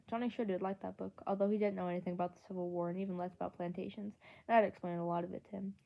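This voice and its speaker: A woman's voice: fairly low pitch, dull audio. A woman reading a novel chapter aloud in an earnest way, with small slips and restarts. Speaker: audiobook reader. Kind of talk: amateur audiobook narration.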